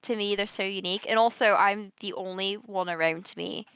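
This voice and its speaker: A woman's voice: mid-range voice, steady tone, moderate pace, fairly bright tone, clear, resonant tone, no room sound. A woman co-hosting a casual podcast, bubbly and gushing, laughing often and swearing freely. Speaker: podcast co-host. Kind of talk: casual live-stream podcast chat.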